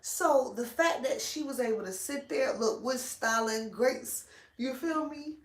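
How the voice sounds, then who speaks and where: A woman vlogger chatting casually while braiding her hair, animated, blunt and full of slang and cursing. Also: high-pitched, a little slow, roomy sound.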